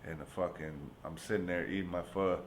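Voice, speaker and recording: A man from San Francisco hosting a casual podcast chat, easygoing and profane, often answering with a quick "yeah". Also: sits low, fairly even intonation, a little hiss or hum. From United States, San Francisco. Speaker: podcast host.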